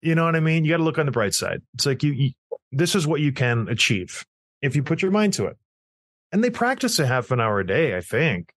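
A man's voice: fairly high pitch, sing-song, fairly quick, a bit bright, dry recording. Blunt storytelling man, dry close sound. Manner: blunt, storytelling, self-mocking. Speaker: podcast co-host. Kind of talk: casual sports podcast chat.

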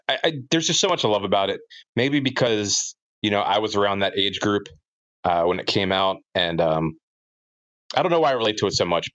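Casting note: deep-voiced man, eager fan, stumbling restarts, dull dry sound. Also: a bit bright, no room sound. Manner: enthusiastic fan, halting restarts. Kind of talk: casual chat.

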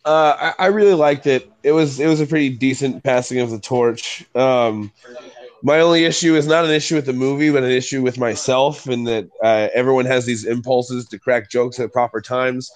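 A man joining a casual podcast chat with a mid-range voice. He talks in a measured, self-deprecating way. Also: medium pitch, steady tone.

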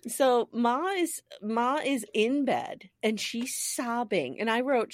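A woman's voice: on the high side, takes it slowly, dry recording. A woman co-hosting a podcast, recapping a show in casual chat, laughing often and acting out the characters' lines. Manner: animated, laughing, acts out scenes in voices. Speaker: podcast co-host.

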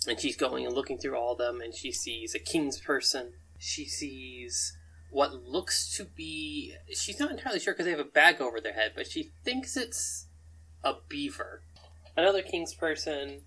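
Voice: mid-range voice, bright, forceful tone, breathy edge, low-quality recording. A game master narrating a tabletop game in a rambling way, often chuckling between descriptions.

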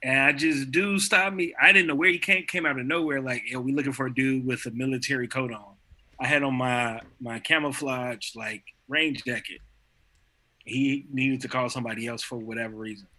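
A man's voice: medium pitch, fairly even intonation, moderate pace, sharp tone. A man chatting casually on a podcast in loose, slangy speech. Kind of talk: casual chat.

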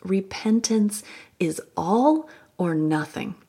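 A woman hosting a Christian podcast, telling a personal story in a soft, reflective way with breathy, whispered asides. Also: mid-range voice, animated, slow. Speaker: podcast host.

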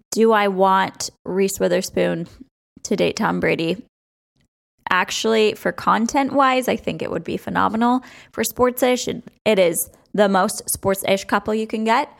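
A woman's voice: mid-range voice, creaky. A young woman hosting a sports podcast, chatting casually with strong opinions and frequent laughs.

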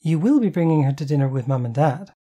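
A reader putting on Jen, a brash swearing sister. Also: female voice, sits low, lively intonation, quick pace, breathy edge. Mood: teasing. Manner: loud, bossy and swearing. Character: brash, foul-mouthed, teasing sister in her tea-room frock.

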